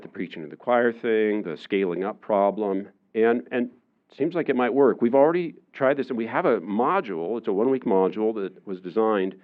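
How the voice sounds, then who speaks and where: A man giving a public lecture in a relaxed, conversational way, with many fillers, often acting out the voices of the people he quotes. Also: on the low side, phone-quality sound. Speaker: university lecturer. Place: lecture room.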